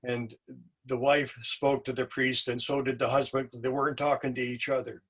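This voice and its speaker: A man hosting a storytelling event, telling a folk tale in an unhurried, wry, folksy way. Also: mid-range voice, flat delivery, slightly rough. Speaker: storytelling host.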